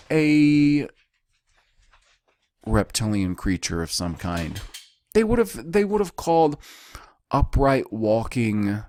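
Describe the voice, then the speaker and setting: Deep-voiced guy teaching a bible study, slow and deliberate, repeats words, dry close sound. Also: no room sound. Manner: deliberate, repeats key words, pauses and sighs.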